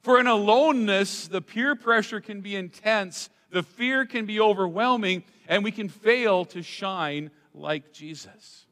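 A man with a high voice delivers a sermon in a church, his reverb trailing through a large hall. He preaches dramatically, punching some lines loudly and dropping others to a near hush. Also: measured pace, hardly any pauses. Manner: dramatic, swings from loud emphasis to hushed asides. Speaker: pastor. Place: church sanctuary.

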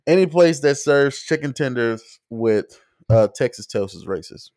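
Male podcast host, mid-pitched and very animated, crude and jokey, dry close sound. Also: measured pace, dry recording. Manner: crude, laughing, animated storytelling. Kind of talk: casual chat.

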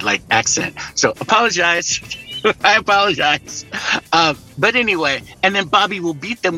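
A middle-aged man chatting as a podcast guest, an animated storyteller who jokes and laughs easily. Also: on the high side, rough recording. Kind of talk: casual conversation.

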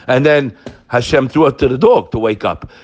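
A man's voice: mid-range voice, normal speed, a little mellow, dull audio. A man giving an emphatic daily Torah talk, weaving Hebrew quotations into English and calling his listeners "guys". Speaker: Torah teacher.

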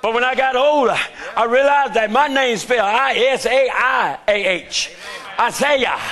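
High, gravelly older man preaching fervently. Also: a little slow. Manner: shouting, fervent, call-and-response preaching. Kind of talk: sermon. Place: church.

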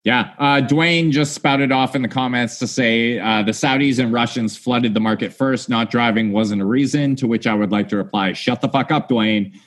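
Man, podcast co-host, mid-pitched voice, dry sarcastic jokes, swears. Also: normal speed, few pauses, fairly bright tone. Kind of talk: casual chat.

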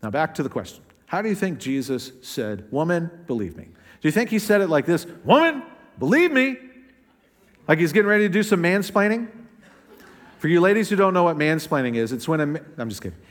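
A male pastor gives a sermon in a church sanctuary, and his voice rings with long reverb from the hall. He talks conversationally and acts out quotes, pitching them up or down and speeding up or slowing down as he goes. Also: animated.

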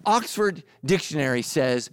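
Animated preacher, dry close sound. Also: male voice, a little slow, clean tone, no room sound. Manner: animated, humorous storytelling with acted-out quotes; swings from loud, high bursts to low, quiet emphasis. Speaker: pastor. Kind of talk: sermon.

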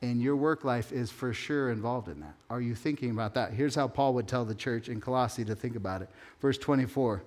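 A middle-aged man preaching a sermon as pastor, talking casually and slowing down to stress key phrases. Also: mid-range voice, a little mellow. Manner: conversational, emphatic, slows down to stress key phrases.

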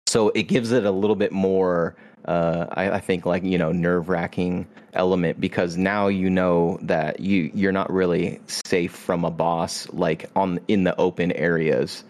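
A man's voice: sits low, fairly even intonation, unhurried, hardly any pauses, darkish tone. A man hosting a casual podcast chat, explaining a video game at length with plenty of fillers. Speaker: podcast host. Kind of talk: casual chat about games.

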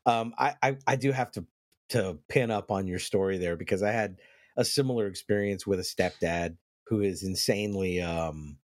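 A man's voice: deep voice, moderate pace, dry recording, studio quality. A man in casual podcast chat, swearing freely and bantering with co-hosts. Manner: profane, animated banter. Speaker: podcast co-host.

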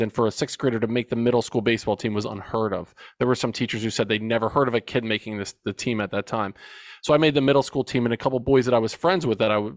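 A man's voice: mid-range voice, no echo. A man in his forties, a men's coach and podcast guest, telling a personal story in an earnest, reflective way. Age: 40s. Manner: earnest and reflective, with emphatic retelling.

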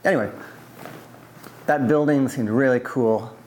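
A man's voice: medium pitch, measured pace, a little mellow. Man telling a rambling oral history. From US East Coast. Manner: rambling, conversational, many fillers and restarts. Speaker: interviewee.

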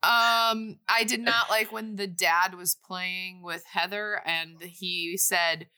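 A woman hosts a relaxed chat about a movie, with a bright, forward tone. She jokes freely and laughs often between her points. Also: on the low side, slow, smooth. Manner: giggly, jokey, acts out quotes. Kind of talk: casual chat reviewing a movie.

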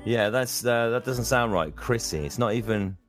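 A man's voice: medium pitch, normal speed, faint music behind. An English man co-hosting a podcast, chatting casually, laughing often and a bit fussy. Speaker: podcast co-host. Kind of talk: casual chat.

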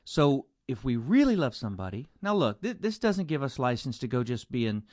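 Animated storytelling pastor. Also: male voice, medium pitch, moderate pace, no echo, studio quality. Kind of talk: casual podcast conversation.

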